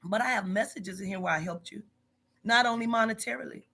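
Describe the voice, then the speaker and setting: A woman's voice: mid-range voice, brisk, sharp tone, husky. A woman who runs a psychic reading business, confronting a staff member in a profane, emphatic monologue full of repetition.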